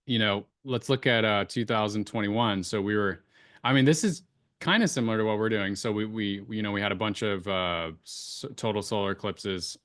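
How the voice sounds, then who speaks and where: A man's voice: fairly low pitch, moderate pace, fairly bright tone, dry recording, studio quality. A man hosting a casual chat, talking through a chart he shares on screen, with many fillers and restarts. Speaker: crypto astrology show host.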